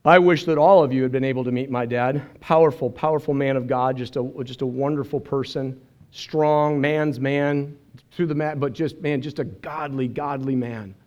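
A man's voice: mid-range voice, steady tone, moderate pace, a little mellow. A man preaching a sermon as pastor, earnest and emotional, telling stories and quoting others. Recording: dull lo-fi sermon recording.

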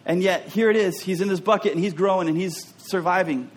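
A man's voice: sits high, fairly quick. A man preaching a sermon as a pastor, talking in an earnest, openly personal way and often repeating words as he restarts.

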